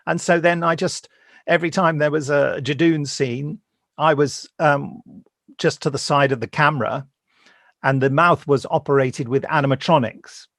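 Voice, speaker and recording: A middle-aged man with a gravelly, creaky edge to his voice tells his stories on a video call from home. The sound is close and dry. He tells them in a lively way, slipping into the voices of the people he quotes. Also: a little high, moderate pace, dry recording. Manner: lively storyteller who acts out the voices he quotes. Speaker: voice actor. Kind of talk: anecdotal interview chat.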